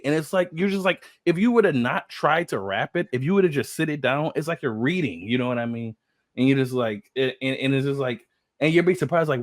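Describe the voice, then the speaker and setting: A man co-hosting a casual chat, animated and laughing often as he talks about rap craft. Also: on the high side, no room sound, clean studio sound. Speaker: co-host reacting to a song.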